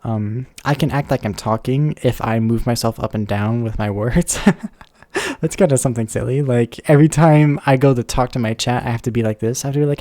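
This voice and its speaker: A man's voice: mid-range voice, moderate pace, a little mellow, dry recording. A man chatting casually on a live stream, rambling and thinking aloud with lots of fillers and self-corrections, close to a desk microphone.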